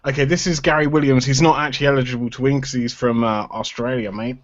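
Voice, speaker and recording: A man's voice: mid-range voice, fairly even intonation, fast, dull audio. A man hosting a podcast, jokey as he reads out listener questions and keeps the show moving. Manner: jokey, reads questions aloud and moves things along. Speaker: podcast host. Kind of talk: casual chat, reading listener questions.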